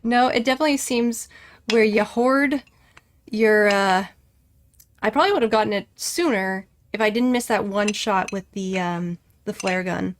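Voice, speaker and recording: A woman streams a video game live and keeps up a casual, chatty running commentary, often talking straight to her viewers. She laughs easily between remarks, and her voice sits at an ordinary middle pitch. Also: normal speed.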